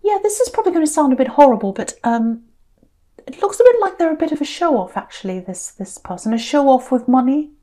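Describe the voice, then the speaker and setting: A woman with a fairly high but mellow voice gives a casual tarot reading, thinking aloud as she goes. She often stumbles and restarts her sentences, and her soft, confiding tone keeps trailing off quieter. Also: big pitch swings, quick pace. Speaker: tarot reader.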